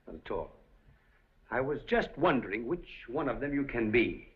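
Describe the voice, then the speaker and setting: An actor playing a suave, scheming café proprietor in a 1930s film, speaking in an urbane, deliberate way. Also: male voice, medium pitch, big pitch swings, slightly rough. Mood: sly. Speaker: café owner. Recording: dull 1930s film soundtrack.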